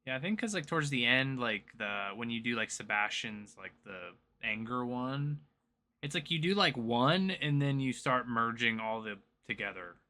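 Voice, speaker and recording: Bright-voiced male podcast host, casual. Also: medium pitch, moderate pace. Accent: Southern US. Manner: relaxed, filler-heavy, hesitant. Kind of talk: casual chat.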